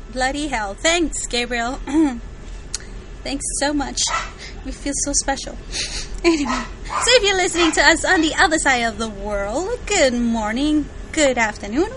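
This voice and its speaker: A woman's voice: high voice, background noise. A woman co-hosting a fan podcast in casual chat, chatty and giggling often. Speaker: podcast co-host.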